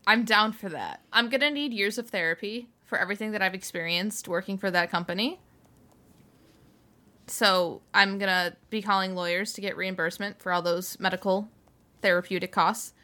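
A woman in her twenties co-hosting a casual podcast from home, talking fast and candidly with frequent laughs. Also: medium pitch, pushed and bright. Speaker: podcast co-host. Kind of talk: casual chat.

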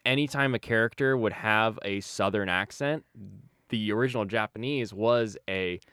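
A man's voice: fairly low pitch, pushed and bright, clear, resonant tone, dry recording. Man from the US telling stories in a dry, close recording. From United States. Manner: halting, many fillers and restarts while telling anecdotes. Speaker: podcast co-host. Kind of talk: casual chat, storytelling.

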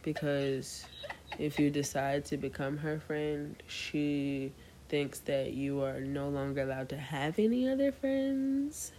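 A woman's voice: a bass voice, takes it slowly, slight background noise. A young woman co-hosting a podcast, chatting casually and telling stories to listeners with lots of energy. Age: young adult. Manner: animated storyteller addressing listeners as y'all. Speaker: podcast co-host. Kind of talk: casual chat.

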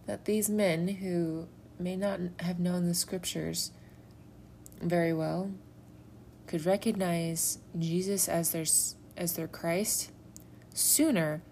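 A woman's voice: fairly low pitch, fairly even intonation, slow pace, a little mellow, slight background noise. A young adult woman reflecting casually on a Bible story, rambling and informal with many "you know" and "like" fillers.

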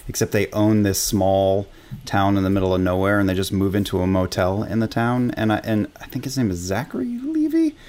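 A man's voice: fairly low pitch, big pitch swings, brisk, a little mellow. A man co-hosting, chatting casually, hesitant and stumbling over his words. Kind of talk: casual chat.

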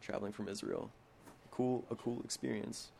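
A man's voice: fairly low pitch, fairly even intonation, normal speed, vocal fry, dark tone, a little hiss or hum. A young man from Boston, a podcast guest, joking and teasing in casual chat.

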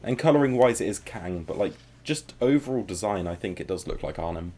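A man's voice: sits low, brisk, mellow. A man co-hosting a comic book podcast, talking casually with a wry, teasing manner. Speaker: podcast co-host. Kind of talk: casual chat.

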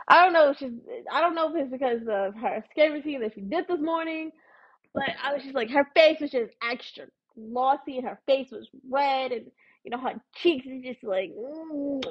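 A woman rants into a close mic, her voice husky and a little high. She tells her story bluntly and swears freely, and the dry, dull recording has a lo-fi feel. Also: expressive, moderate pace, no room sound. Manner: profane, blunt, storytelling rant. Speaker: podcast host. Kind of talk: casual ranting monologue.

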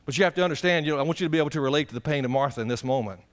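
A man's voice: on the high side, racing. A man, a pastor preaching a folksy, conversational sermon and putting direct questions to the congregation.

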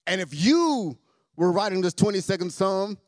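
A man preaching a sermon as a pastor, repeating his phrases and swinging between soft and loud delivery. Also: high-pitched, animated, moderate pace, no room sound, clean studio sound. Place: church sanctuary.

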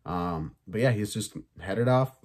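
A podcast host talks through his review on his own in a loose, chatty way. He is an excitable man with a fairly low voice who leans on fillers and swears casually. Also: measured pace.

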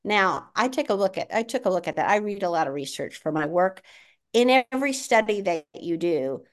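Measured woman explaining as a podcast guest. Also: mid-range voice, animated. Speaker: podcast guest, education policy worker. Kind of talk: casual podcast conversation.

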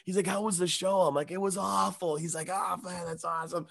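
A man's voice: high-pitched, fairly quick, vocal fry. A man, a comedian, telling a long story in casual chat, swearing freely and acting out the other people's voices. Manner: animated, swears a lot, acts out other voices. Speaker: comedian guest.

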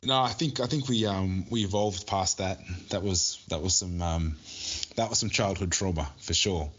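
Deep-voiced joking man co-hosting a podcast. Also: moderate pace, fairly bright tone, slightly rough. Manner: joking, restarts often, laughs at own jokes. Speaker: podcast co-host. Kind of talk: casual chat.

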